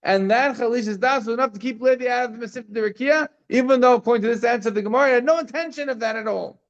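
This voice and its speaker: A man's voice: very high voice, very fast, muffled recording. A man teaching a daily Talmud class, explaining the text informally with frequent fillers and restarts.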